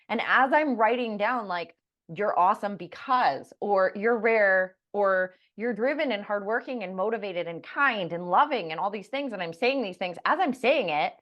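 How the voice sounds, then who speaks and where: A woman's voice: medium pitch, expressive, normal speed, a bit bright, dull audio. A woman co-hosting a spiritual podcast, telling personal stories in an earnest casual way and swearing casually. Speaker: podcast co-host. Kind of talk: casual chat.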